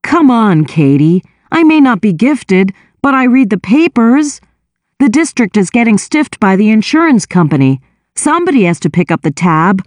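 A sheepish, whiny young teenage boy, as a woman narrator puts him on, pitched up above her own voice and talking fast when he makes excuses. The sound is dry and close, with no room in it. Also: very animated, darkish tone, no echo, natural voice. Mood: defensive. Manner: whining, sheepish and quick to justify himself. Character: younger teenage brother, guilty, defensive, whiny.

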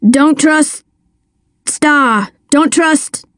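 A woman's voice: high voice, drawn-out words, a bit bright, no echo, clean studio sound, voice pushed up, exaggerated voice. A woman reading an older male colonel who speaks in clipped, broken phrases, urgent and terse.

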